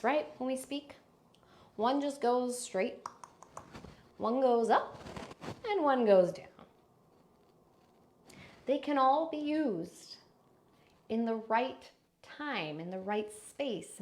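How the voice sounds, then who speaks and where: Slow and animated, with long pauses and a slightly mellow quality, a female speaking coach teaches a live online lesson on voice. She illustrates habits with exaggerated examples, adjusting pitch and volume to show them.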